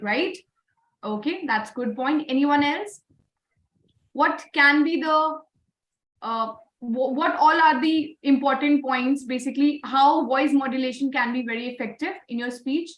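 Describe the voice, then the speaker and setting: Brief: woman trainer, high voice, echoey online call, coaxing students along. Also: moderate pace, a bit bright, far from the mic. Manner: encouraging, asks the class questions, often adds "right?". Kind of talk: live webinar teaching.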